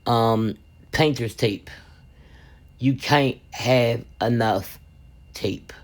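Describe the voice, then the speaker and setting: A woman resin craft vlogger telling a funny family story and giving supply tips in a lively, chatty way, calling viewers "baby". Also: extremely low pitch, extremely slow.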